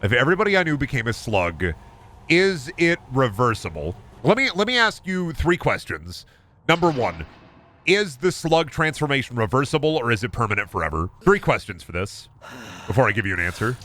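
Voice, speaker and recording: A young man streaming a game, chatting fast and rambling with goofy jokes, often loud and high when he clowns around. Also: big pitch swings. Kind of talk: casual gaming stream chat.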